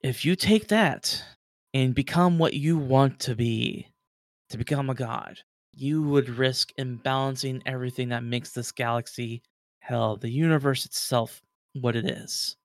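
Give me a man playing an old, god-like guardian in a tabletop game. He talks softly and slowly with dry world-weariness. The voice is smooth and recorded close and dry. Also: medium pitch, dry recording, close to an everyday voice. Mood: weary. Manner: slow, soft, world-weary, dry. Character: ancient weary male god-like guardian.

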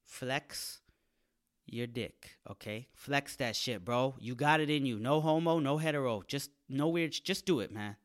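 A man's voice: mid-range voice, normal speed, few pauses. A man, a comedian, delivering a casual and crude comic monologue to his audience, full of slang and acted-out voices. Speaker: comedian hosting his own podcast.

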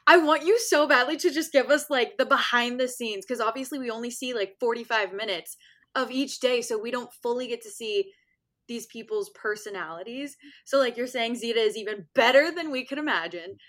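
A woman's voice: fairly high pitch, brisk, fairly bright tone. A woman hosting a podcast, asking eager, upbeat questions in casual chat. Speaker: podcast host. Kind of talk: casual interview.

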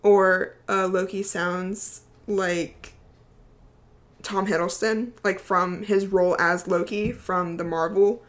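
A woman's voice: mid-range voice, steady tone, slow. A young woman of about twenty hosts her own podcast in a loose, chatty way. She rambles off topic and keeps breaking into giggles as she talks. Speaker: podcast host. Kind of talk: casual chat.

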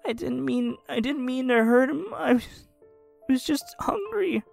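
A man putting on a high, crying starving boy. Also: animated, a little slow, creaky, soft background music, full character voice. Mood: scared, crying. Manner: high, weepy and pleading. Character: frightened starving sick young boy.

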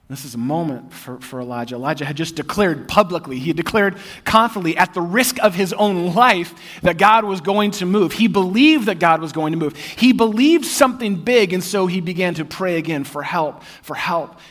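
A man preaching a sermon, his voice sitting higher than most men's. He talks conversationally and cracks jokes, then drops into quiet, intense passages. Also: fairly quick. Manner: conversational and humorous, shifting to hushed intensity. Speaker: pastor. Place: church.

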